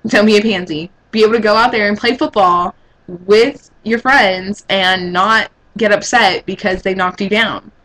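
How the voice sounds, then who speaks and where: A woman's voice: pushed and bright, poor audio. Blunt eighteen-year-old woman from Texas. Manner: blunt, opinionated, pitch jumps high when exasperated. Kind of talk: casual opinion vlog.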